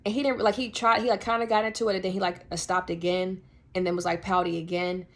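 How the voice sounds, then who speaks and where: Gravelly-voiced young woman telling a story. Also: fairly low pitch, fast. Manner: animated, slangy, many fillers, laughs often. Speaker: podcast host telling a story. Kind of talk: casual storytelling.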